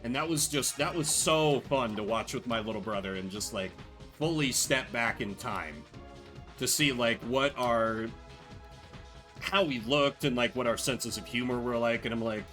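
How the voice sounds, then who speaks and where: A man's voice: medium pitch, moderate pace, a bit bright, soft background music. A young man streaming a game, telling rambling stories full of fillers in a casual chat. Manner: chatty, rambling storytelling with many fillers. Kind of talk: casual gameplay commentary.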